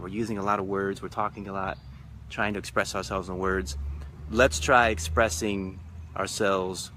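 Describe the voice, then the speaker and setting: A man with a lowish, bright, forceful voice reflects on a retreat in a live stream. He repeats phrases in a rhythmic, emphatic way, and faint traffic noise sits behind him. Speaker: spiritual retreat leader. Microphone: phone or webcam live stream.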